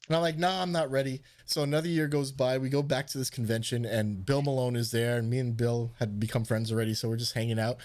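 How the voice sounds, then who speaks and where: A man in the middle of a laid-back live stream, telling a long story in a casual, rambling way. He swears freely and jumps his voice up high when he acts out what other people said. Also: fast talker, hardly any pauses. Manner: animated, swearing, acts out quotes in a raised voice. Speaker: host.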